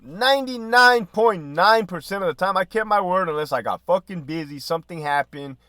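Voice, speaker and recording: Profane, animated storyteller man. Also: sits high, moderate pace, no echo, clean studio sound. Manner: profane, animated storytelling with laughs and quoted dialogue. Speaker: podcast host, former prison officer. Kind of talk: casual storytelling.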